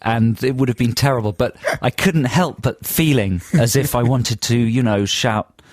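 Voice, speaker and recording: A mid-pitched English man rambles through a self-mocking anecdote on a radio show. His voice is close and dry, recorded in a studio with no room sound. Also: moderate pace, no room sound. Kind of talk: casual radio banter. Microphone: studio microphone.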